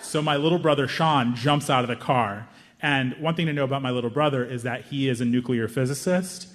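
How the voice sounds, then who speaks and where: A young man telling a long comic story on stage, self-mocking and animated, with quick asides. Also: medium pitch, long reverb tail. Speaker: stand-up comedian. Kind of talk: stand-up storytelling.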